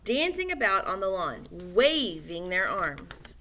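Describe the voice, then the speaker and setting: A woman reading a children's novel aloud, animated, with small slips and self-corrections. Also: medium pitch, unhurried, few pauses. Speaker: audiobook reader.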